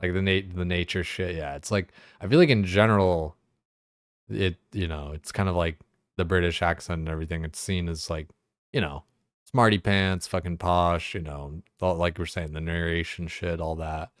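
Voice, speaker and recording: A young man rambling through a casual stream chat, dropping curse words and fillers constantly. His voice is deep and low, recorded close and dry. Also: steady tone, normal speed, dry recording. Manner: rambling, profane, full of fillers like "like" and "you know".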